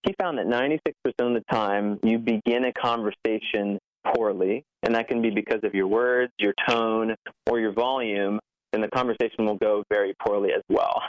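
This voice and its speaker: Earnest thirties founder, quick and self-correcting, heard over a muffled remote line. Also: male voice, on the low side, steady tone, dry recording. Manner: earnest, fast, full of restarts, acts out quoted voices. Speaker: app founder, guest. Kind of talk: remote interview conversation.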